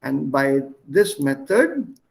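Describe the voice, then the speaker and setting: Slow-speaking man teaching a language class. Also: mid-range voice, sing-song, creaky. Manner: slow, explains word by word, switches between languages. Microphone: video call.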